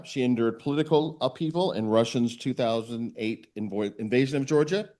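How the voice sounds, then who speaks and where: A man's voice: medium pitch, a little mellow. A man hosting an event, reading an introduction of the next speaker and stumbling over foreign names.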